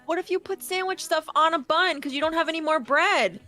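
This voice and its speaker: A woman co-hosting a morning show, trading teasing, quick comebacks. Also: very high voice, bright, forceful tone, faint music behind. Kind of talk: casual banter.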